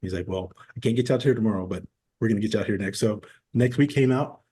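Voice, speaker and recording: Podcast guest, man in his forties, lowish voice, easygoing storyteller who slips into the voices of the people he quotes. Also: fast talker, slightly rough. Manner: relaxed storyteller who acts out quoted dialogue. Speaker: podcast guest, former military. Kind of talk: casual interview storytelling.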